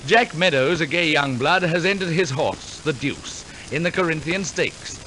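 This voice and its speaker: Lively, bright-voiced radio announcer man. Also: a little high, normal speed, a little hiss or hum, low-quality recording. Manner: theatrical storytelling with wry asides. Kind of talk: 1940s radio narration. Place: radio studio.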